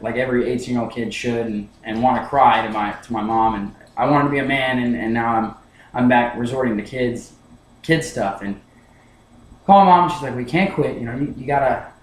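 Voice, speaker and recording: A man's voice: medium pitch, roomy sound, poor audio. A young man giving a class speech, telling a personal story, often repeating words as he restarts his sentences. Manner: storytelling with many restarts, acts out his past self. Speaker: student speaker.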